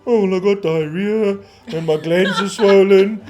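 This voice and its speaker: Guy doing a whiny washed-up tv doctor bit, high and draggy. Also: fairly even intonation, unhurried, dark tone, soft background music. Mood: whiny mocking. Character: whiny self-pitying male ex-celebrity doctor.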